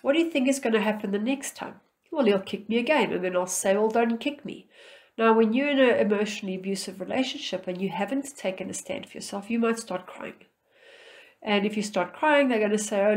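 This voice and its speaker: A middle-aged woman coaching viewers on relationships, speaking in a firm, calm, instructive way and acting out short bits of dialogue. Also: mid-range voice. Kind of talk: advice talk to camera.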